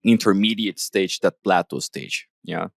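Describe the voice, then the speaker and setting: A man's voice: low-pitched, animated, unhurried, vocal fry, dry recording, clean studio sound. A man hosting an interview, a former English teacher who rambles with many restarts and fillers. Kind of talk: casual interview chat.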